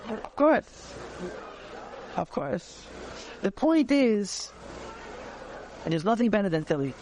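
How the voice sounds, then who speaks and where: A man, teaching a conversational Torah class, animated and repeating phrases as he searches for words. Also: high-pitched, takes it slowly, slight background noise.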